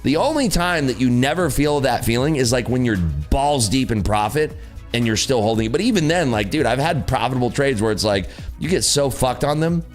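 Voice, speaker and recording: A man's voice: medium pitch, brisk, faint music behind. A man hosting a live day-trading stream, talking casually and bluntly with lots of swearing and laughter. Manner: blunt, profane, laughing, animated. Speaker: livestream host, day trader. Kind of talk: casual livestream chat.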